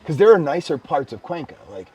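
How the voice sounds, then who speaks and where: A man co-hosting a casual podcast, telling stories with bursts of excited shouting. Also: fairly high pitch, a little fast, slightly rough. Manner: animated storyteller, bursts of excited shouting when retelling. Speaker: podcast co-host. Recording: slightly distant mic with faint background ambience.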